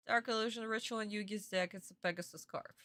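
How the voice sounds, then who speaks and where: A woman's voice: medium pitch, pushed and bright, no room sound. A woman streamer reacting live to a cartoon, exasperated and dramatic, swearing often and repeating phrases in bursts.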